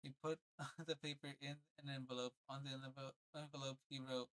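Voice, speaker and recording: A young man reads a children's storybook on a casual livestream. He narrates plainly and drops into laid-back, slangy asides. His voice sits at an ordinary middle pitch. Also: level tone, brisk, fairly bright tone, poor audio. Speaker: streamer reading aloud.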